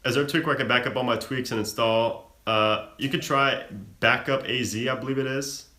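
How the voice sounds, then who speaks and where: Bright-voiced young man, echoey room. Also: medium pitch, fairly quick. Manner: relaxed, chatty, frequent fillers and self-laughs. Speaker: live stream host. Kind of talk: casual live chat reading viewer questions.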